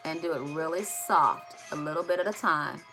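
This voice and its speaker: A woman's voice: deep voice, moderate pace, fairly bright tone, soft background music. A woman hosting a live makeup tutorial, chatting to her viewers directly with playful asides.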